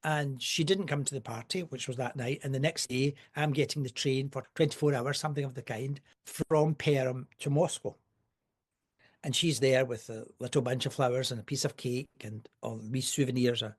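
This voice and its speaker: A man's voice: medium pitch, fairly even intonation, moderate pace, slightly rough. Older man telling wry anecdotes. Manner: wry, rambling anecdotes with asides. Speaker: podcast guest. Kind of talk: casual storytelling.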